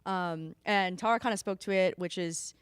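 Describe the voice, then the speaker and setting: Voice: mid-range voice, normal speed, a bit bright, clean tone, no echo, studio quality. A clinic outreach worker speaking casually at a community panel, with frequent fillers. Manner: casual and chatty, with many fillers.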